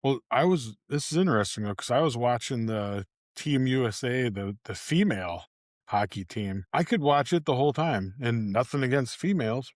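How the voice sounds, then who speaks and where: A man's voice: medium pitch, lively intonation, moderate pace, dry recording, studio quality. A man co-hosting a podcast, telling stories casually, swearing and acting out the lines of people he quotes. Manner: storytelling, swears, acts out quotes. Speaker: podcast co-host. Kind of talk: casual banter.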